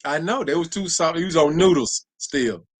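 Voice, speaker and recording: Joking man, lively pitch. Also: moderate pace, breathy edge. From United States. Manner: joking, chiming in with wisecracks. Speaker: co-host. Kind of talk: casual chat.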